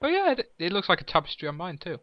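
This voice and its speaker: A man's voice: high-pitched, wildly swooping pitch, racing, no room sound, dull audio. A man chatting casually while playing a game with a friend, reading game text aloud and laughing often. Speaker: gamer. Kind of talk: casual let's play chat.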